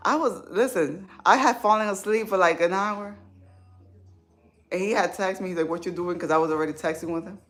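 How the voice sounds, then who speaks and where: A woman's voice: fairly low pitch, brisk. A woman hosting a casual live stream, talking with viewers in an informal, emotional, chatty way. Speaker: livestream host.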